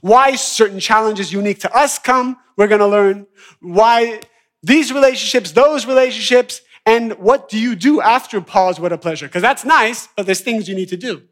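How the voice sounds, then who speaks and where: A man with a high-pitched voice teaches an evening class. He is animated, dropping to quiet mutters and then rising to loud, excited bursts as he acts out everyday scenes. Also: normal speed. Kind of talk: lively class lecture with acted-out examples.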